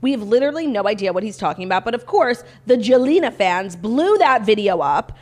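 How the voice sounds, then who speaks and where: A woman co-hosting a casual gossip podcast, talking in quick, opinionated rants full of "like" fillers. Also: a little high, animated. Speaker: podcast co-host.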